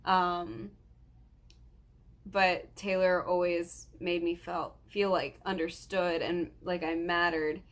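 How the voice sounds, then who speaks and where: A woman's voice: fairly low pitch, level tone, takes it slowly. A nineteen-year-old woman vlogging, earnest and rambling with lots of ums, close to tears as she talks. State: tearful, close to crying. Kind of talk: emotional personal vlog.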